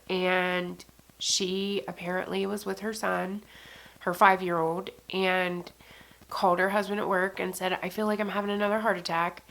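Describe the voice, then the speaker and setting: Gravelly-voiced woman telling a heartfelt story. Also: medium pitch, pushed and bright. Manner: casual, fillers, swearing, tearful moments. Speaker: beauty vlogger. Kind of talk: emotional personal storytelling.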